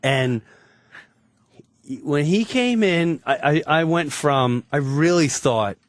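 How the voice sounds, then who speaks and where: A man from Long Island telling an animated story as a guest on a radio talk show, acting out the scene with hushed asides. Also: fairly high pitch, slow pace, no room sound, clean studio sound. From Long Island, New York. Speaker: comedian guest.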